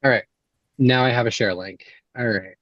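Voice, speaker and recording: Relaxed man on a dull, dry line. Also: medium pitch, moderate pace, no room sound. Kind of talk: casual chat.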